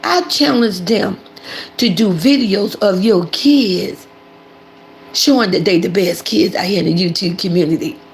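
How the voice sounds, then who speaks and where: An older woman hosting casual livestream commentary, animated and preachy, talking about herself in the third person. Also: medium pitch, unhurried, vocal fry, a little hiss or hum. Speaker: commentary channel host.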